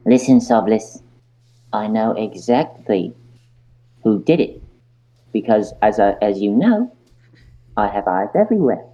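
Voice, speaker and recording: A man's voice: on the low side, animated, slow, long pauses, dark tone, low-quality recording. A man voicing a world-weary male informant who scolds and sighs impatiently at a reckless friend.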